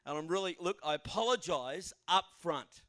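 A man's voice: on the high side, expressive, normal speed, fairly bright tone. An Australian man in his fifties, a guest pastor giving an informal, chatty sermon in a church with frequent fillers.

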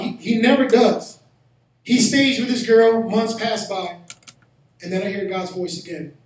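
A man preaches to his congregation, telling a personal story before rising to shouted exhortation. His voice sits very high for a man. The sound carries the heavy echo of a church hall, and he is picked up from some distance away from the mic. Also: fairly even intonation, unhurried. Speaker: pastor. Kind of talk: sermon.

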